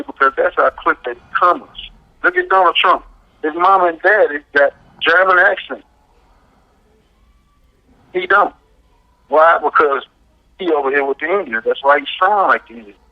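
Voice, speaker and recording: A man's voice: a little high, moderate pace, long pauses, lo-fi sound. A man speaking, giving a casual radio talk as a guest and pressing his points with a frequent "right?". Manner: emphatic, asks "right?" often.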